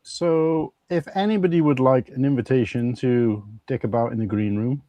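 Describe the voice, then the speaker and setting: A man's voice: mid-range voice, normal speed, mellow, no echo. A man hosting a casual live stream with friends, laid-back, laughing often and swearing freely. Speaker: streamer and show host.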